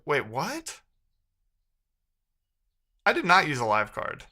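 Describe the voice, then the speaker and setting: Male streamer, talks through his debugging in a casual, slightly high, bright voice with dry sarcasm. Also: huge pitch swings, takes it slowly. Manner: thinks aloud while debugging, sarcastic banter with chat. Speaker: live-streaming programmer. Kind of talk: casual live-stream coding commentary.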